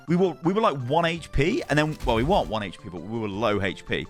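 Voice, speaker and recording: A man's voice: mid-range voice, animated, fast, soft background music. A man reviewing gameplay replays as a coach, exasperated and firing off repeated rhetorical questions.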